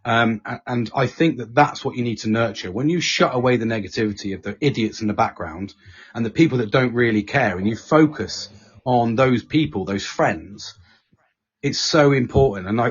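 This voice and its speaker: A man's voice: mid-range voice, slightly rough. A man chatting casually as podcast host, swearing often and breaking into silly voices when quoting his friends. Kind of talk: casual chat. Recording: dull lo-fi sound.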